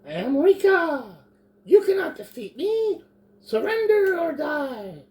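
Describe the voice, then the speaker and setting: A shrill boastful goblin leader. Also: male voice, big pitch swings, slow, exaggerated voice. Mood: defiant. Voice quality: high squeaky shouting.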